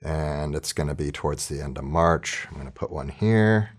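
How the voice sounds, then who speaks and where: Very low-voiced man teaching casually. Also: normal speed. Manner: casual, chatty, thinking aloud. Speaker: orchestra teacher. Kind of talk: screen-recorded tutorial.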